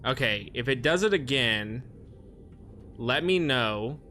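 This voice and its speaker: A man streaming a video game, chatting casually with his viewers and now and then yelling at the game. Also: mid-range voice, animated, slow, slight background noise. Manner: yells at the game in frustration, then chats with viewers. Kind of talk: casual gaming stream chat.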